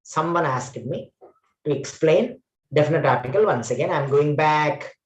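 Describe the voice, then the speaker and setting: A man's voice: fairly high pitch, animated, normal speed, lo-fi sound. Man, English trainer, online class lecture, repeats himself, self-corrects, echoey room.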